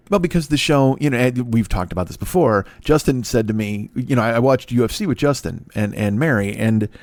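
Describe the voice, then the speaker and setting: A man's voice: mid-range voice, a little mellow, no room sound. A man in his forties hosting a comedy podcast, rambling through a profane, self-deprecating monologue. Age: 40s.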